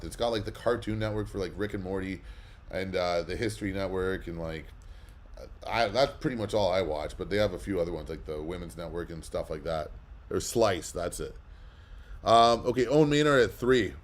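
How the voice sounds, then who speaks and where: A man hosting a live comic book auction, chatting casually and rambling with lots of fillers between bids. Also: deep voice. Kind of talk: casual livestream chat.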